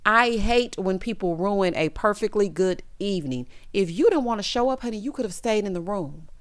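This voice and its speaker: A woman's voice: medium pitch, expressive, normal speed. A young adult woman giving a blunt, sassy recap of a reality show, talking straight to the people on screen. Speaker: recap commentator.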